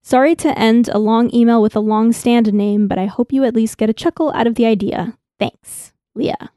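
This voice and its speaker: A woman's voice: fairly high pitch, normal speed, dark tone, no echo, studio quality. A young adult woman, a native Spanish speaker, co-hosting a podcast in loose, chatty talk and reading listener emails aloud. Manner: laughs often, loose and chatty. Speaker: podcast co-host.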